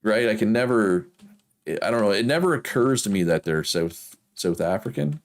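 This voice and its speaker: Gaming streamer, male, deep Prince Edward Island accent, loose rambling chat with laughs. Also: expressive, normal speed. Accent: Prince Edward Island, Canadian East Coast. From Prince Edward Island, Canada. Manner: rambling, chatty, laughs often. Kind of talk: casual chat while playing a game.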